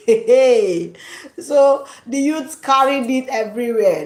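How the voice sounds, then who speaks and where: A woman's voice: high voice, animated, takes it slowly, a little mellow, reverberant, poor audio. A Nigerian woman vlogger chatting casually, laughing often and dropping into Pidgin slang. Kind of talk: casual chat.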